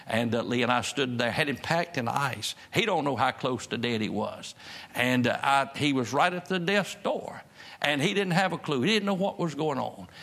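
A man's voice: mid-range voice, a bit bright. A man preaching a sermon in a folksy, conversational way, building to emphatic peaks and repeating his refrains. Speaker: pastor.

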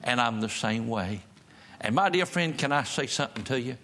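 A man's voice: medium pitch, expressive, moderate pace, sharp tone, a little hiss or hum. A man preaching a sermon in a church service, emphatic and repeating his key phrases. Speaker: pastor.

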